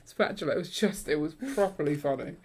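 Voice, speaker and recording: A woman's voice: deep voice, fast, crowd noise. A woman casually chatting and telling stories while building Lego on a livestream. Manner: chatty, storytelling, laughs easily.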